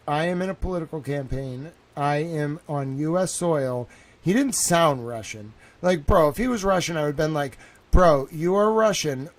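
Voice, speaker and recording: Young man, live streamer at home, excitable, rambling, slightly high voice. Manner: excitable, repeats himself, says "bro" and "like" a lot.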